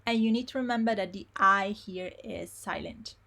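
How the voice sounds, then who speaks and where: A woman teaching pronunciation in a live online lesson, repeating words slowly syllable by syllable. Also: medium pitch, gravelly, bright, forceful tone. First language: Italian. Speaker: Italian teacher.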